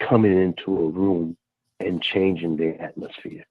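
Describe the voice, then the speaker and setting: A man calling in to a radio talk show, speaking earnestly and haltingly, with many restarts. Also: low voice, little pitch movement, no room sound. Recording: tinny phone line.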